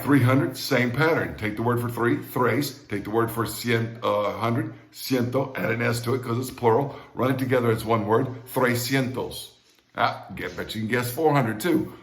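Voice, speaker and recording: A man teaching Spanish numbers in a recorded lesson, patiently repeating each word slowly and checking in with the learner. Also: fairly low pitch, fairly bright tone, echoey room.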